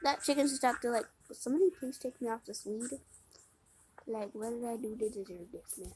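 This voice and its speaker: High-voiced woman mumbling through a game. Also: brisk, a little hiss or hum. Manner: mumbled self-talk while playing, with sudden loud dramatic outbursts. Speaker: game video creator. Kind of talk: casual let's-play commentary. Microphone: phone microphone during screen recording.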